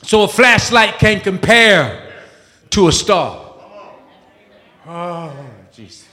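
A man preaching a sermon with fervor, shouting, peppering his lines with "uh" and exclamations of praise. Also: high voice, lively intonation, slow pace. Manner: fervent, shouting, with frequent "uh" and "woo, Jesus" exclamations. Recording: echoey hall.

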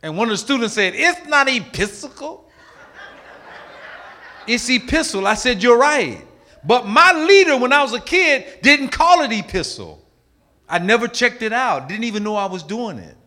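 Emphatic preaching man, bright voice. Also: extremely high pitch, big pitch swings, brisk. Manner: emphatic preaching with swings from loud to hushed. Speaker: pastor. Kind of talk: sermon.

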